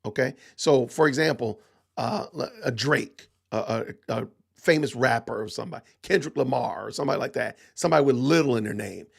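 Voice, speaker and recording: A man's voice: mid-range voice, a little fast, vocal fry, husky. A middle-aged man hosting a podcast, giving opinionated commentary with emphatic rhetorical questions and lots of repetition. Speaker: podcast host.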